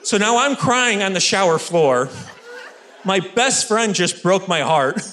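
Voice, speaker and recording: Stand-up comic, male, 30s, slightly high voice, lively self-mocking delivery, faint crowd behind. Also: a little slow. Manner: energetic, self-deprecating storytelling. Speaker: stand-up comedian. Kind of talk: stand-up comedy routine. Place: comedy stage with live audience. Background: faint audience laughter and room noise.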